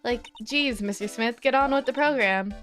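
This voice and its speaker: A woman's voice: fairly high pitch, moderate pace, a bit bright, lightly acted. A woman voicing a flippant valley-girl young woman who fills every phrase with "like", over faint game music. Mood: dismissive.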